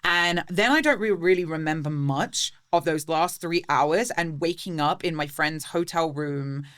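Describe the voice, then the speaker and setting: A woman with an English accent, a podcast guest telling a story fast and casually. She swears freely and acts out what others said. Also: low voice, a bit bright, dry recording, clean studio sound. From England.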